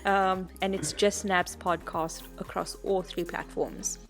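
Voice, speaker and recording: A woman's voice: lowish voice, slow, soft background music. Chatty woman podcast co-host. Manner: chatty, animated storytelling. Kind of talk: casual chat.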